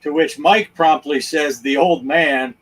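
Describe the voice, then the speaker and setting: A man's voice: on the high side, fairly even intonation, unhurried, a bit bright. A man co-hosting a gaming chat, reading viewer comments aloud in an amused way. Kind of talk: casual chat.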